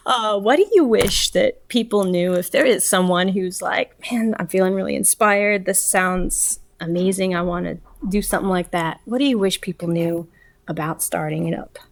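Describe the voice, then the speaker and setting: A woman interviewing a guest in a casual conversation, asking encouraging questions. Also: medium pitch.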